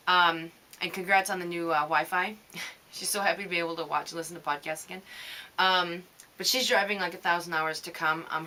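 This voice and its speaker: A young woman with a bright, clear voice talks straight to her camera at home. She rambles from one thing to the next with lots of fillers and easy laughter, hosting her own knitting vlog. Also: lowish voice. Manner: chatty, rambling, frequent "um"s and laughs. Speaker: knitting vidcast host. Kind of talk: rambling casual vlog chat.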